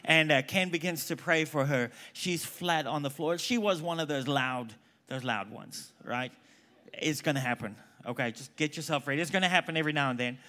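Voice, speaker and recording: Animated male preacher telling stories. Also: a little high, normal speed. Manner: animated storyteller, quoting people in hushed voices. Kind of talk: conference sermon with storytelling.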